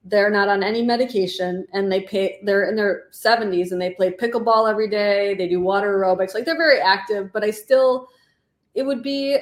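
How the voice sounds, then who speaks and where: Middle-aged woman guest author, earnest and talkative, average pitch, echoey room sound. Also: steady tone, a little fast. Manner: heartfelt, talkative, many "like" fillers. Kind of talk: casual interview conversation.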